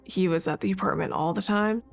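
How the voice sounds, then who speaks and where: A woman roommate recounting what she saw in a quick, matter-of-fact interview. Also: mid-range voice, creaky, soft background music. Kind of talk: interview testimony.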